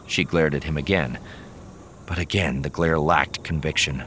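A man narrating a novel in a measured, storytelling manner. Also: a bass voice, steady tone, fairly bright tone, a little hiss or hum. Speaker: audiobook narrator. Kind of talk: scripted narration.

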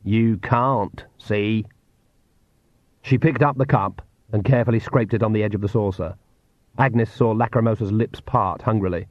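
A man's voice: lowish voice, brisk, no echo. Man narrating an audiobook in dull audio.

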